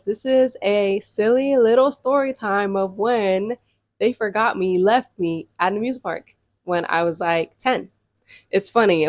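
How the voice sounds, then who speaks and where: A woman's voice: mid-range voice, dry recording, studio quality. A young adult woman telling a casual storytime vlog, chatty and loose, filling her talk with like and often calling the audience y'all. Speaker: YouTube storyteller.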